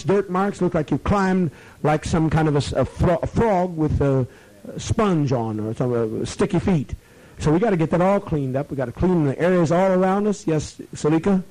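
Profane, commanding man with a mellow voice. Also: high voice, poor audio. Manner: slows to a drawn-out, soothing tone at times. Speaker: community leader addressing members. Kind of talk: rambling address to a gathering.

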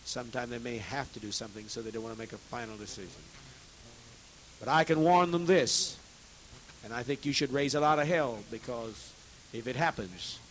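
A man preaching to a congregation, swinging between loud, forceful outbursts and hushed, heavy tones, repeating phrases to exhort his listeners. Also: mid-range voice, slight background noise, poor audio. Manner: repetitive, exhorting. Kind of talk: impassioned sermon.

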